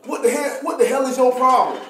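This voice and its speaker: A man voicing an angry, shouting male army first sergeant who barks profane demands. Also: very high-pitched, brisk, pitched above the performer's own voice. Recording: echoey room.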